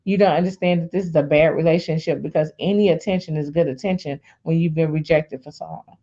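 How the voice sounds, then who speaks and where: Woman, lowish voice, animated testimony, talks to the listeners directly, dull lo-fi sound. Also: quick pace. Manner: animated, addresses listeners as "y'all". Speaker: guest sharing her testimony. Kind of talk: personal testimony, casual storytelling.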